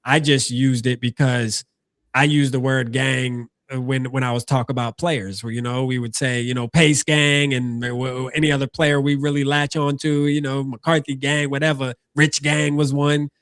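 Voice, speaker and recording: A man hosting a casual sports podcast, animated and quick to give shout-outs, often repeating himself. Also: mid-range voice, clean tone, dry recording, studio quality. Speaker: podcast host.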